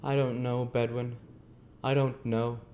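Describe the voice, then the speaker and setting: A man voicing a brisk, kindly old gentleman with a hoarse, fussy voice, read from a storybook. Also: mid-range voice, flat delivery, a little hiss or hum, voice pushed up, natural voice. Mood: tender.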